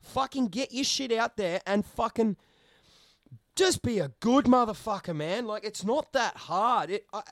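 A man's voice: high voice, unhurried, dry recording. A man ranting heatedly in a casual chat, swearing constantly and getting worked up. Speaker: podcast co-host.

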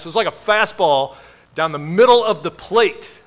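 A man's voice: a little high, animated, brisk, a bit bright. A male pastor preaching a sermon in a conversational storytelling way, with self-deprecating humor.

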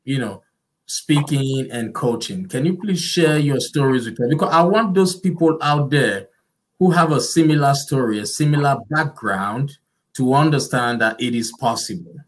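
A man's voice: mid-range voice, moderate pace, rough recording. A man with a non-native English accent hosting an interview, encouraging and emphatic. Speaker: podcast host.

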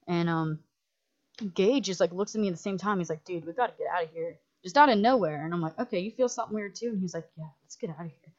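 Lively woman telling a profane story, muffled. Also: on the low side, quick pace. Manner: animated, profane, full of "like" fillers, acts out others' lines. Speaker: film director and writer, podcast guest. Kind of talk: casual storytelling in a podcast chat. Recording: muffled lo-fi audio.

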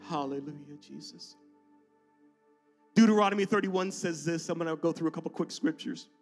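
A man with a high voice preaches in church, dropping to near-whispers and then rising to loud declarations. A faint bed of music runs behind him. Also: steady tone, fast. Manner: emotional, swinging between soft asides and loud declarations. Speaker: pastor. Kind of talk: sermon with personal storytelling.

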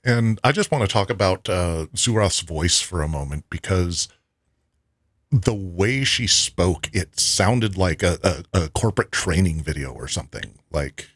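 Deep-voiced man recapping an episode. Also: expressive, fairly bright tone, no room sound, studio quality. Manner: recaps scenes and quotes dialogue at a fast clip. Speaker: podcast co-host. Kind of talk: casual chat recapping a TV episode.

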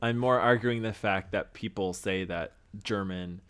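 A man's voice: fairly low pitch, measured pace, fairly bright tone, clear, resonant tone. A young man co-hosting a casual podcast chat, rambling and arguing his point with lots of fillers. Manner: rambling, argumentative, frequent fillers. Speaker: podcast co-host.

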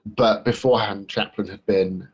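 A man's voice: on the low side, steady tone, normal speed, husky, highs cut off. A man co-hosting a podcast, talking casually about a film with many restarts and fillers. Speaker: podcast co-host.

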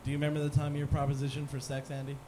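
A man fires off quick teasing remarks at a friend, his voice on the higher side. Steady bar noise fills the background. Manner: teasing interjections. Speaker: podcast co-host. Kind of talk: casual chat. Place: sports bar. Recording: noisy bar ambience.

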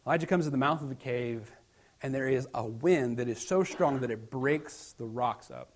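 Delivering a sermon, this pastor has a mid-range voice, with a little hiss or hum in the recording. He alternates forceful, loud passages with quiet near-whispers, and reads scripture in a slow, declamatory rhythm.

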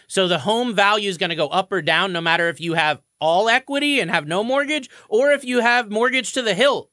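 Bright high-voiced man explaining finance. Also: brisk, no room sound, clean studio sound. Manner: explanatory, confident. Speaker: mortgage expert co-host. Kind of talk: radio show talk.

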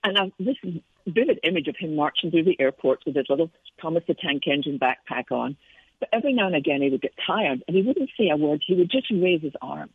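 Middle-aged Scottish woman, earnest guest; gravelly, husky, dry tinny phone line. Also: low voice, expressive, fast talker, no room sound. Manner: earnest, reflective storytelling. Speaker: Christian author and speaker, guest. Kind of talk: casual interview on faith.

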